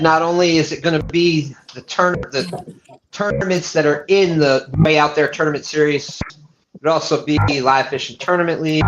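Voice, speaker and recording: A man hosting a live fishing stream, casually chatting and reading viewer comments aloud. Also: a little high. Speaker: livestream host. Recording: dull lo-fi stream audio with noise.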